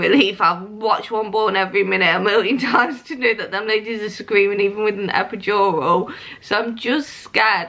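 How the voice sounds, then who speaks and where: A woman's voice: on the low side, pushed and bright. A young woman, chatting casually as she tells a story to camera, laughing often and acting out what others said. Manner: chatty, laughs often, acts out quoted lines. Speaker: vlogger.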